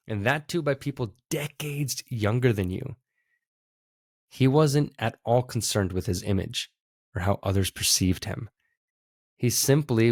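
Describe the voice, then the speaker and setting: An earnest male podcast host shares a spiritual story in a sincere, reflective way. His voice sits on the low side. The recording is dry and close, with no room echo. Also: a little mellow. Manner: earnest, heartfelt.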